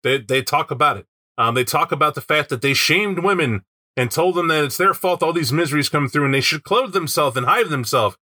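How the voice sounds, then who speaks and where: A man co-hosting a casual chat about a game book, animated and given to acting out quotes in put-on voices. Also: a little high, fairly quick. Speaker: podcast co-host discussing a tabletop game book.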